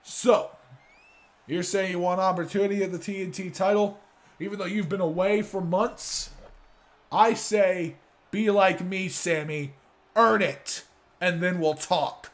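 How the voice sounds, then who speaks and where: A man's voice: high-pitched, steady tone, a little slow. A man doing a cocky wrestling champion promo. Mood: mocking. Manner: boastful, taunting promo delivery. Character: brash cocky male pro wrestling champion. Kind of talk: wrestling promo role-play over a video game.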